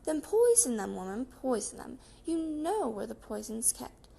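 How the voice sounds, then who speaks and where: Woman doing a snappy bossy housewife, barks orders, gravelly. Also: on the high side, expressive, a little slow, warm tone, heavily acted. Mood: impatient. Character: sharp, impatient woman of the house.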